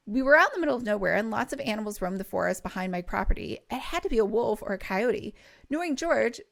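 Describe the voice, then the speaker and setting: A woman's voice: fairly high pitch, creaky, no room sound, clean studio sound. A woman hosting a podcast, reading a cozy novel aloud and breaking off for casual, laughing asides. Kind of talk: storybook read-aloud with chatty asides.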